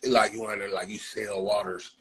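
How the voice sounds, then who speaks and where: A man from Los Angeles hosting a livestream, trash-talking and roasting a viewer loudly. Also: fairly low pitch, level tone, brisk. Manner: loud, profane, taunting. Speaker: livestream host. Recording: noisy phone livestream.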